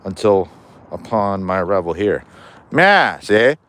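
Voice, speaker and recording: A man's voice: low-pitched, sing-song, measured pace, fairly bright tone. Man rambling on a walking livestream. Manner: rambling, joking, swears freely. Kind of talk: casual live chat. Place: outdoors, walking home. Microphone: chest-mounted POV camera.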